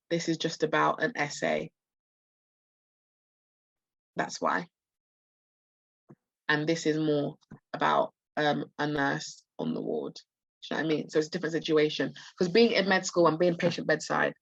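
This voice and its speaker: A woman tutor, hoarse and losing her voice, walks students through practice test answers with many restarts and fillers. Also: sits low, moderate pace, pauses often, no room sound, muffled recording. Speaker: medical school admissions tutor. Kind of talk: live online practice test walkthrough.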